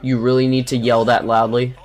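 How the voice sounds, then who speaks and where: With a mid-range, level and slightly mellow voice, a young adult gaming host commentates casually through a desktop USB microphone. The tone is sarcastic, with frequent swearing and grumbling at the game.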